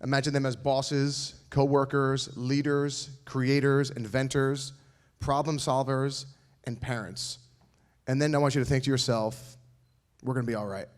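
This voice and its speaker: A man speaks from a school auditorium stage through a mic, joking and encouraging in turn. His voice sits at an ordinary middle pitch for a man. He teases the crowd warmly between earnest lines. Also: little pitch movement, a little slow. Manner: joking, encouraging, playful asides. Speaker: school staff speaker at an awards night. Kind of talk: speech to an audience.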